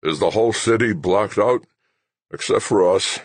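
A failing old general croaks out his words in a slow, slurred, cranky voice, as a male narrator puts him on. It sits higher and louder than the reader's own deep tone, with a husky edge in a dry, close sound. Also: no room sound. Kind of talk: audiobook character voice.

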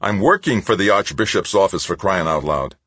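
A man's voice: low voice, animated, normal speed, a bit bright, slightly rough, no room sound, exaggerated voice. A man voicing a resentful, frustrated male worker who grumbles and mutters to himself. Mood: exasperated.

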